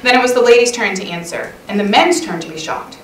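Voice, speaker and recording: A middle-aged woman giving a lively, chatty talk at a women's church conference session, often laughing and acting out little quoted lines. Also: mid-range voice, fast, slight background noise. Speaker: conference speaker. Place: church hall. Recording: echoey church hall recorded from far off.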